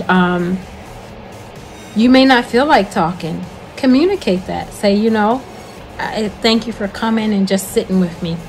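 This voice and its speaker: A woman's voice: mid-range voice, poor audio. An older woman hosting her own talk, speaking earnestly and repeating her main points in a preacher-like way. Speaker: host. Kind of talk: encouraging spoken talk.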